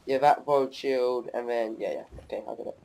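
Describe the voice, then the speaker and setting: A man's voice: medium pitch, steady tone, fairly quick, a little mellow, faint music behind. A young man, casually commenting on his own gameplay and joking as he plays. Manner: chatty, laughs and taunts while playing.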